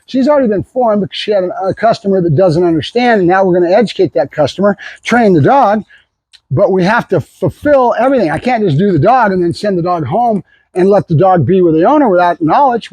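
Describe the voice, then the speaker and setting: Husky high-voiced man talking dog training. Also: darkish tone, no echo, poor audio. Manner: blunt, repetitive, with fillers and restarts. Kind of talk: casual talk to camera.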